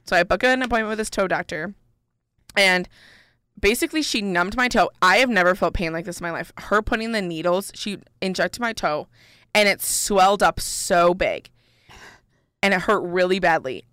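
A woman's voice: on the low side, a little fast, fairly bright tone, smooth, no echo, clean studio sound. A young woman co-hosting a podcast, telling a long story in a rambling, chatty way full of "like" and "um". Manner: chatty, rambling, heavy use of "like" and "um". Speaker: podcast co-host. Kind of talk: casual storytelling chat.

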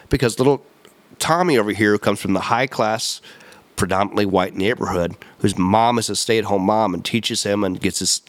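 Man, podcast host, solo rant, emphatic, rambling, low voice, dry sound. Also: no echo. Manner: emphatic, repetitive, rambling with self-corrections.

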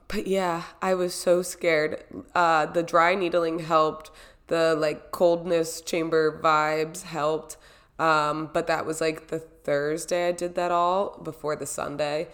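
Chatty young woman with a lowish voice. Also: fairly bright tone. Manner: chatty, rambling, reenacts her own reactions. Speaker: vlogger recapping her own race. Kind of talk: casual storytelling recap.

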